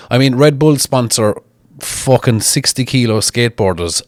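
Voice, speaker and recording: A man talking casually to camera while he reads viewer comments and answers them in a blunt, mocking way, swearing often. His voice sits at an everyday middle pitch. It is recorded close and dry, with no room sound. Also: normal speed, no room sound. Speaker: strongman reading viewer comments. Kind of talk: casual chat.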